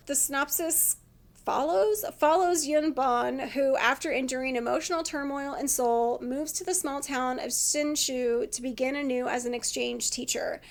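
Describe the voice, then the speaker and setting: Chatty high-voiced woman with vocal fry. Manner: chatty, laughs often, acts out quotes. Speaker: vlogger. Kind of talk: casual chat about TV dramas.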